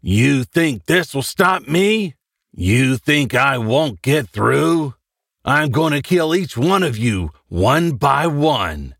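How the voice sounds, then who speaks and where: A man voicing a menacing killer with a slow, taunting delivery in a horror story reading. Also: mid-range voice, very animated, creaky, fairly bright tone, dry recording, studio quality, heavily acted.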